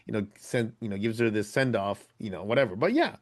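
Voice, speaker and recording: A man's voice: fairly low pitch, animated, fast. A man co-hosting a podcast in casual chat, rambling with many fillers and restarts. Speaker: podcast co-host.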